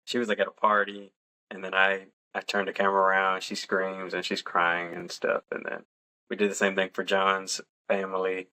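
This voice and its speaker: A young adult man and podcast co-host, casually telling a personal story in a relaxed, chatty way and laughing along. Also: low-pitched, normal speed.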